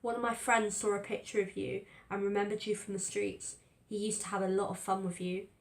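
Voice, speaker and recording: A woman's voice: mid-range voice, flat delivery, a little fast, gravelly, natural voice. Woman reading as a menacing, sneering young man. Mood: cold. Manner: snarling, mocking insults. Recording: roomy echo.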